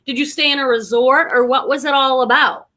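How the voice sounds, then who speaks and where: This online reseller from Boston runs a casual live stream, warmly reading out the chat and greeting viewers individually. She speaks fairly quickly in a high pitch with fairly even intonation.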